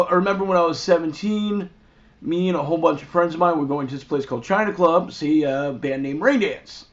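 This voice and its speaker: A man hosting and telling a rambling, profane, animated anecdote in a crude comic style. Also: a little high. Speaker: host. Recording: dull lo-fi recording.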